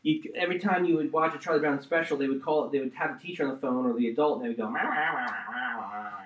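A man preaching a sermon and teaching from the Bible, swinging between loud emphatic bursts and quiet asides and often checking in with his listeners. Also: fairly high pitch, fairly even intonation, rapid-fire, dull audio. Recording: roomy echo.

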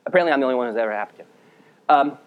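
A man preaching a sermon as a pastor, reading scripture aloud and explaining it, speaking directly to his listeners and dropping to a low, quiet voice for emphasis. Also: lively intonation, racing, phone-quality sound. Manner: earnest, direct address to listeners.

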